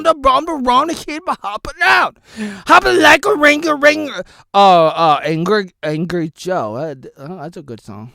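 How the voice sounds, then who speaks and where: A man in his thirties from Oregon hosting a rambling solo vlog, jumping between wild shouted bursts and low mumbled asides. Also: very animated, normal speed, creaky, no room sound. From Oregon, United States. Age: 30s. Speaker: vlogger host.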